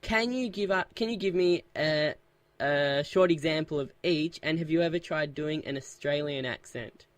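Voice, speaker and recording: An interview host asking questions in a relaxed, jokey way. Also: medium pitch, normal speed, no echo.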